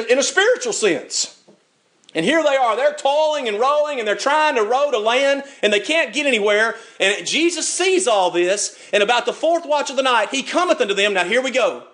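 High-voiced older male preacher. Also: a bit bright. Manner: storytelling preacher, acts out voices, chuckles often. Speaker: pastor. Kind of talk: sermon.

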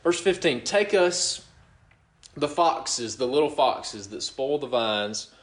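A middle-aged man preaching a sermon as pastor, talking in a relaxed, conversational way, often chuckling and asking "you know what?". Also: mid-range voice, slow pace, echoey room.

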